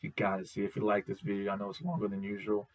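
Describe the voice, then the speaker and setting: A young man hosting a casual video review. He talks excitably, repeats himself and uses slang. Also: on the low side, rapid-fire, poor audio. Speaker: host, reviewer. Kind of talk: casual enthusiastic show review.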